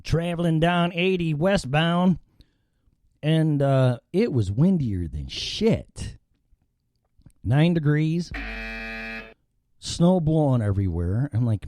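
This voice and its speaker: A man's voice: mid-range voice, big pitch swings, measured pace, long pauses, dark tone, dry recording. A man hosting a live opinionated talk show from an indoor studio, rambling and swearing freely. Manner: profane, rambling and ranting.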